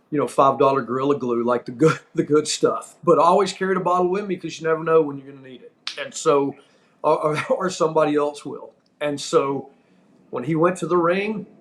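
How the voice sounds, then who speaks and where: Middle-aged man telling an animated story. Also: a little high. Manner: emphatic, repeats himself for effect. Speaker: podcast host. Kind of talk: casual storytelling.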